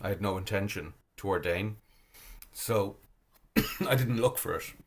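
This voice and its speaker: A man's voice: low-pitched, measured pace, slightly rough. Hesitant, thoughtful man on a video call. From Ireland. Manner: thoughtful, hesitant, many fillers and restarts. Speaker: Zen priest and guest speaker. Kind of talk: reflective talk on a video call.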